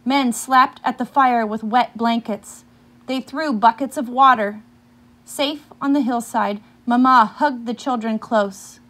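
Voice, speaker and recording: A woman reading a picture book aloud, pausing now and then to ask her listeners questions about the story. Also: a little high, fairly even intonation, a bit bright.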